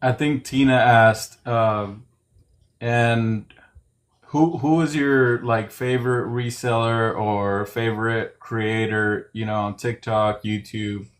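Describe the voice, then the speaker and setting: A man co-hosting a live chat stream, talking quickly and offhandedly with hesitant fillers. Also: mid-range voice, steady tone. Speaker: co-host.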